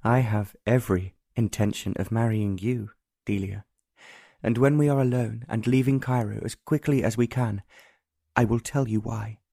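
A protective English nobleman, voiced by a male narrator in a romance audiobook, quiet and earnest. The voice is mellow and warm, recorded dry and close. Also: fairly low pitch, fairly even intonation, normal speed, gravelly, no echo. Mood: tender, resolute.

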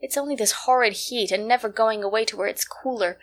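A woman's voice: a little high, brisk, lightly acted. A woman doing a fretful young girl. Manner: fretful, pleading.

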